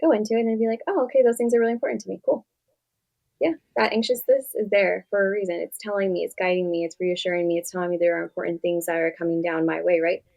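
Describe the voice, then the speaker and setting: A woman's voice: on the low side, fairly even intonation, quick pace, gravelly, darkish tone. A young woman therapist speaking casually in an interview, animatedly acting out conversations with her clients. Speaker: therapist guest.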